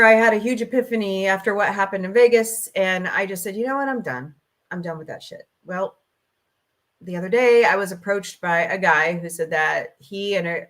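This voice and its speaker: A middle-aged woman talks straight into her laptop mic at home, hosting a casual stream. She vents in an emotional, personal way, her voice in a middle pitch. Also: fairly bright tone. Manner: emotional, venting, tearful at times. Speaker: podcast host. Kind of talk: casual livestream chat. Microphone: laptop microphone.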